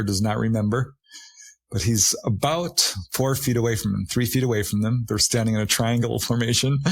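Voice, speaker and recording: A man in a relaxed conversation, retelling a witness account with animated delivery. He laughs often and lifts his voice high when he quotes others. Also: no room sound. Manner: laughs often while talking. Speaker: guest, paranormal investigator. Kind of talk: conversational storytelling.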